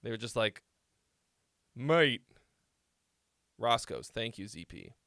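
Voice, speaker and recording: Swearing laid-back man, bright voice. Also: fairly low pitch, sing-song, a little fast, gravelly, no room sound, clean studio sound. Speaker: host. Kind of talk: casual livestream chat.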